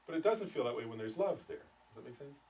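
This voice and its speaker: Fast-talking man teaching, recorded from a distance. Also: mid-range voice, expressive, a little mellow. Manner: conversational, keeps checking "does that make sense?". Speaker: Buddhist teacher. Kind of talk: dharma teaching to a class. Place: meditation center teaching room. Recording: distant mic, faint room noise.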